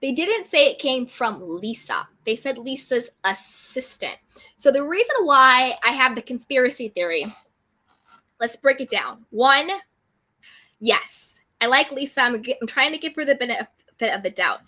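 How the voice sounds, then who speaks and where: A woman's voice: high-pitched, lively intonation, unhurried, bright, forceful tone. A woman hosting a casual live chat, reading viewer comments aloud and answering them. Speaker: YouTube recap host reading live chat.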